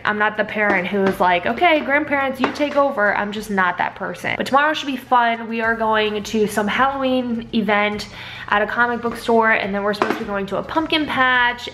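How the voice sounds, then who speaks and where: A woman's voice: medium pitch, a bit bright. Tired young woman chatting at home. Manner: weary, rambling, heavy use of "like". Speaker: vlogger and mother. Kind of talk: casual vlog chat.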